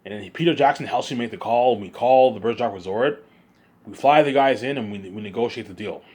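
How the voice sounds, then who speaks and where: A man's voice: medium pitch, quick pace, darkish tone, breathy edge. A man vlogging in a rambling monologue, hyped up and repeating himself as he circles back to the same points.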